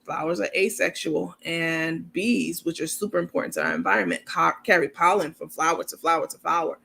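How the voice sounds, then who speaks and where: A low-pitched woman's voice, creaky and slightly rough yet a bit bright, moves fairly quickly with lively intonation. She's an adult New Yorker with a university degree hosting a commentary channel, rambling casually livestream-style while reading viewers' comments aloud.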